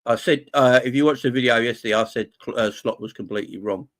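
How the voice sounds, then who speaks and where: Man, mid pitch, fan channel host, passionate, emotional, repeats himself. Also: fast talker, a bit bright. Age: adult, married with kids. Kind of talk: live-stream football fan chat.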